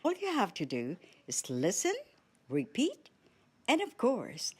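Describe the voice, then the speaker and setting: A woman teaching a radio language lesson, saying each word slowly and clearly and then repeating it. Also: mid-range voice, wildly swooping pitch.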